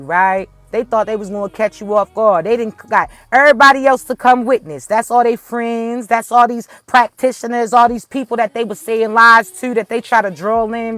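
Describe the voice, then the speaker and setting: A woman's voice: a little high, fairly bright tone, dry recording. A woman giving a casual spiritual message to viewers, speaking bluntly and swearing freely. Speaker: spiritual reader.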